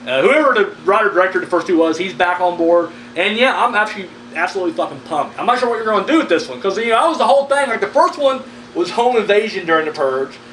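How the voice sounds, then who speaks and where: A man's voice: sits high, lively intonation, quick pace, fairly bright tone. A man giving casual, rambling horror movie news commentary, blunt and full of profanity. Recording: echoey room, mic at a distance, faint background noise.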